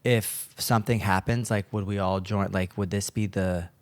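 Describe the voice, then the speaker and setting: A man's voice: lowish voice, fairly even intonation, moderate pace, dry recording. A man co-hosting a podcast in casual chat, musing aloud in a reflective way with a lot of filler likes. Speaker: podcast co-host.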